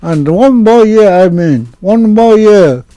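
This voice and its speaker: An older man, telling a hunting story in halting, broken English with short phrases. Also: high voice, lively intonation, warm tone, dry recording, poor audio. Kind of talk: oral history storytelling.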